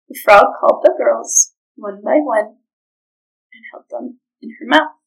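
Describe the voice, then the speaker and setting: A woman narrating a storybook folk tale aloud in an expressive, dramatic way, with a husky voice. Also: on the high side, unhurried, low-quality recording.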